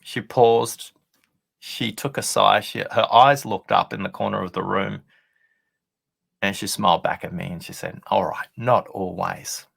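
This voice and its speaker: An author appearing as a guest on a leadership show tells a story over a video call, earnest and explanatory, acting out quoted dialogue in conversational fashion. His voice is on the low side, creaky and fairly bright, with a steady tone and measured pace.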